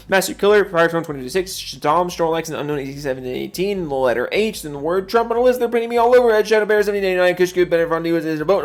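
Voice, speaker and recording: A young adult man with a slightly high voice reads through a long list of supporter names. His delivery is casual and fast, with a joking, exasperated edge and some swearing. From Seattle area. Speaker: YouTuber reading supporter names. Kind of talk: casual rapid-fire name reading.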